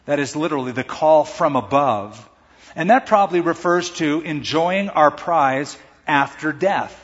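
A man's voice: fairly high pitch, animated, measured pace. A man preaching a sermon as pastor, emphatic and rising to strong peaks of emphasis. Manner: emphatic preaching with dramatic swings in loudness. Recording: echoey hall, dull muffled sound.

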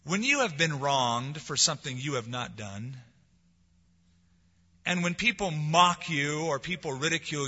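A man preaching a sermon as pastor, rising to loud emphasis and dropping to quiet lines. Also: fairly high pitch, long reverb tail, lo-fi sound. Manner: preaching with swelling emphasis and soft drops.

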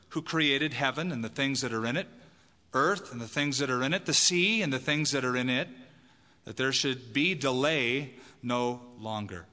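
A man's voice: on the high side, pushed and bright. A man preaching a sermon to a congregation as pastor, emphatic and asking the listeners questions. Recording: long hall reverb.

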